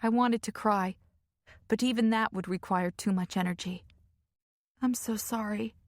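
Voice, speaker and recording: A woman reading a first-person fantasy audiobook in a measured, emotive way on a close studio mic. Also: medium pitch, steady tone, no room sound. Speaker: audiobook narrator.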